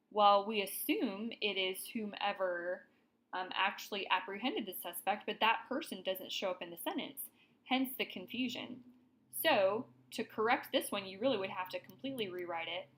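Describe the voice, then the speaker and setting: Woman teacher, mid pitch, friendly and casual explaining a grammar lesson. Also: a bit bright, rough recording. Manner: friendly, checks in with students, casual fillers.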